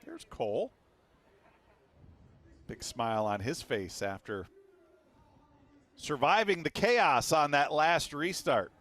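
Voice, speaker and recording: A man's voice: fairly high pitch, very animated, takes it slowly, pauses often, fairly bright tone. A man calling a race on a live broadcast, enthusiastic and full of exclamations, speaking from the broadcast booth. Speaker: race commentator.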